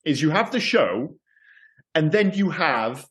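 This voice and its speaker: A man talks through a movie on a podcast, his voice pitched a touch higher than most. He rambles and corrects himself as he goes, animated and casual. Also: unhurried. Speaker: podcast co-host. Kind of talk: casual film discussion.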